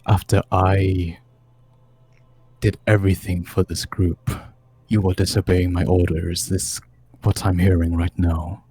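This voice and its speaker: A man's voice: sits low, level tone, dark tone. A man playing a cold, menacing vampire lord. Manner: slow, threatening, domineering.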